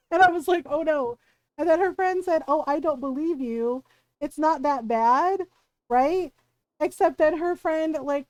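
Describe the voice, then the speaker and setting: A woman's voice: sits high, dry recording. A woman streamer chatting casually while gaming, animatedly retelling a story, acting out quotes and laughing often.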